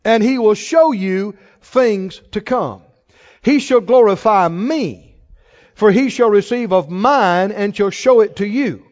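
A man's voice: high voice, slow, darkish tone. A man preaching a sermon to a congregation, leading call-and-response and asking rising questions. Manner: rising, exhorting rhetorical questions. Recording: long hall reverb, dull lo-fi sound.

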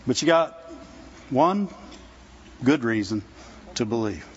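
A man's voice: medium pitch, animated, slow pace. A man preaching a sermon in a conversational, folksy way, often asking his listeners rhetorical questions. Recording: dull lo-fi recording.

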